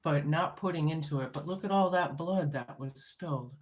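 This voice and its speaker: A woman's voice: low voice, normal speed, slight background noise. A woman giving a casual tarot reading on video, blunt and swearing freely as she talks through the cards and to herself. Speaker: tarot reader.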